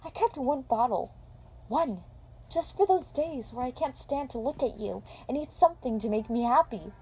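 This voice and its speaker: A woman's voice: high voice, lively intonation, normal speed, mellow, husky, voice pushed up, full character voice, rough recording. A woman voicing a fragile young mother who talks in an emotional, pleading way. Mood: defensive.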